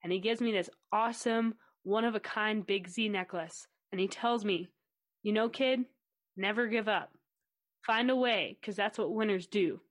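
A woman's voice: medium pitch, moderate pace, natural voice. A woman voicing an eager young male penguin who idolizes a surfing legend. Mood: starstruck. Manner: eager, starstruck. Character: excited young male penguin surfer fan.

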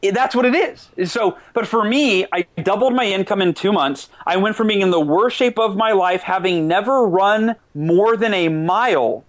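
A man being interviewed as an author, talking eagerly and often restarting his sentences. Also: sits high. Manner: eager, quick restarts, self-corrections. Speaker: author and guest. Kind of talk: animated interview talk.

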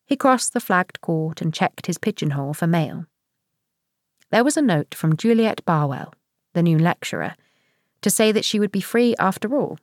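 Woman, audiobook narrator, low voice, dry close sound. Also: no echo.

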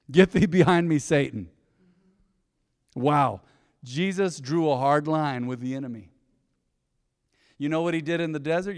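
A male pastor preaching a sermon in a conversational way, often asking the congregation questions. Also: fairly high pitch. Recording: long reverb of a large hall.

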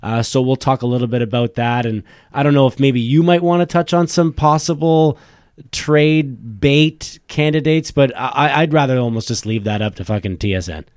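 A man's voice: medium pitch, moderate pace, a little mellow, smooth, no room sound, studio quality. A man co-hosting a casual hockey podcast, chatty and loose, swearing now and then. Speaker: podcast co-host. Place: small studio at a bar.

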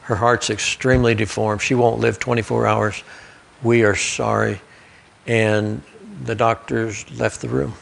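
Gravelly preacher telling stories. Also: male voice, fairly low pitch, level tone, a little slow. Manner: storytelling preacher, folksy asides, occasional restarts. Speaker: pastor. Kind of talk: sermon storytelling. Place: church sanctuary.

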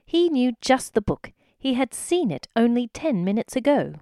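Brief: woman storyteller, mid pitch, animated reading for kids, dry close sound. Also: moderate pace, dry recording. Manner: expressive, addressing the listener.

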